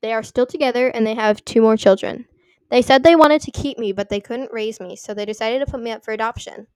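A young woman reading online posts aloud and adding chatty commentary, full of "like" and quick apologies for her slips. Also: fairly high pitch, clear, resonant tone, no room sound, studio quality. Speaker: story reader and commentator.

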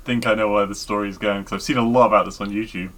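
A British man with a bright, forceful voice co-hosts a relaxed podcast chat. He chimes in hesitantly, with jokey asides. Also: lowish voice, quick pace. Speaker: podcast co-host. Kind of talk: casual chat.

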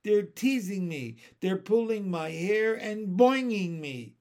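A man's voice: sits high, animated, takes it slowly, a little mellow, pitched above the performer's own voice, heavily acted. A man doing a whiny prim little girl. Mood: tearful. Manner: whiny, tearful complaining.

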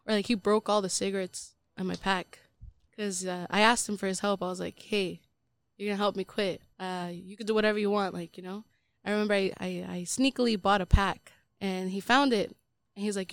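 Smooth-voiced woman rambling casually. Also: mid-range voice, fairly even intonation, brisk, dry recording. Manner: rambling, filler-heavy storytelling. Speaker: podcast co-host. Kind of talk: casual confessional chat.

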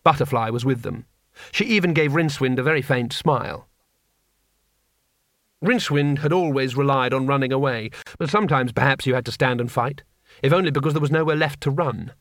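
A man narrating an audiobook in a wry, expressive storytelling manner. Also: mid-range voice, a little fast, no echo, clean studio sound.

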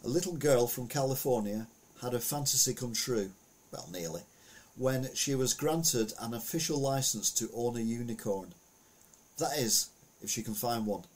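Husky man, chatty news commentary. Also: mid-range voice, moderate pace. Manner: rambling, chatty, anecdotal with asides. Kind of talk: casual commentary on the week's news.

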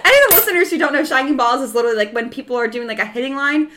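A woman's voice: sits high, rapid-fire, pushed and bright, slight background noise. A woman in her twenties co-hosting a podcast in casual chat, playful and laughing often. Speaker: podcast co-host.

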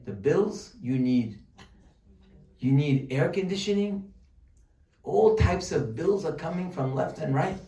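A man giving a humorous religious lesson, animated and joking, full of rhetorical questions. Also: a little high, slow pace, pauses often. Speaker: Torah teacher. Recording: roomy sound from a distant mic.

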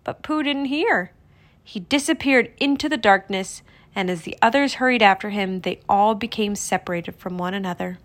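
A woman narrating a children's storybook read-aloud in an expressive, storytelling manner. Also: medium pitch, normal speed.

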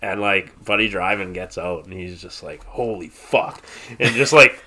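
Bright-voiced man telling a rambling story. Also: low voice, measured pace. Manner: rambling, heavy swearing, laughs through the story. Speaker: guest. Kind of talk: casual storytelling chat.

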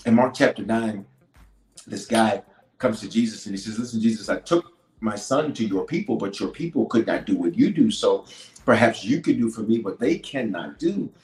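A man, a bishop, preaching a leadership sermon. He repeats key lines for emphasis and swings from loud declarations to hushed asides. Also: fairly low pitch, expressive, moderate pace. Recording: roomy echo with faint music.

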